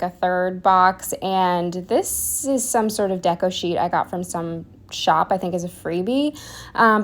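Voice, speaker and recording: A young woman narrating a planner video in a casual, rambling way, with fillers, restarts and self-deprecating asides, a bit out of breath. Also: fairly low pitch. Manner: drops to a whisper for asides. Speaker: planner vlogger. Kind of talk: casual voiceover.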